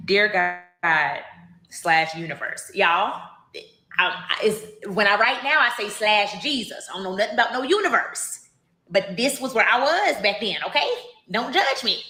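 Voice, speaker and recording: A woman's voice: medium pitch, animated, unhurried, sharp tone. A woman reading entries from her old diary aloud, breaking off for chatty asides to her listeners. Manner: chatty, addresses listeners as y'all. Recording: echoey room.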